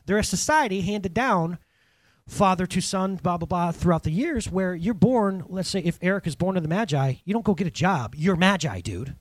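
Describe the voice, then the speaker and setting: A man's voice: high-pitched, moderate pace, no echo. A man preaching a sermon in a casual, conversational way, asking the congregation questions as he goes. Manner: conversational, animated, talks to congregation directly. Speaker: pastor.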